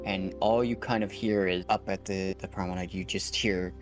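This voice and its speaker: A man's voice: sits low, steady tone, moderate pace, over music. A man narrating a tabletop game as game master, rambling casually with many fillers.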